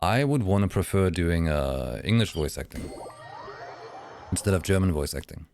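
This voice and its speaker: A man chatting casually with viewers on a game live stream, lively and playful, slipping into voices for fun. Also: low-pitched, moderate pace, creaky, a little hiss or hum.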